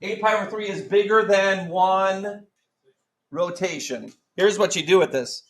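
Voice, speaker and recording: A man's voice: high-pitched, unhurried, a bit bright, poor audio. A man teaching a math class, joking around and quizzing students with countdowns. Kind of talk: classroom lesson.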